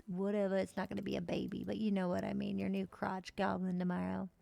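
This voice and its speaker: A woman's voice: mid-range voice, little pitch movement, fast talker, gravelly, dark tone, no room sound. A woman streaming a life-simulation game, chatting casually and swearing now and then as she plays. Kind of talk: casual gameplay commentary.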